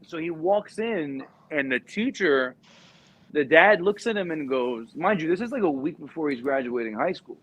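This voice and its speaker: A man's voice: on the high side, expressive, moderate pace, muffled recording. A man in his thirties, a former recruiter, telling a rambling story full of "like" and "you know". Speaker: podcast guest, former Marine recruiter. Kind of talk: casual storytelling.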